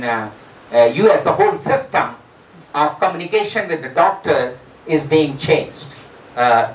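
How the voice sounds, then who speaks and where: A professor from India delivers a university lecture. They quiz the students and hesitate on fillers. The voice sits at an ordinary middle pitch and sounds distant, captured in a roomy lecture hall. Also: slight background noise. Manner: addresses students with rhetorical questions, frequent fillers. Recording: roomy echo, distant mic.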